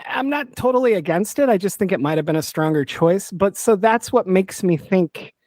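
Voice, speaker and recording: Male podcast host, rambling and excitable, swears, dry close sound. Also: high voice, moderate pace, dry recording. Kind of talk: casual podcast discussion.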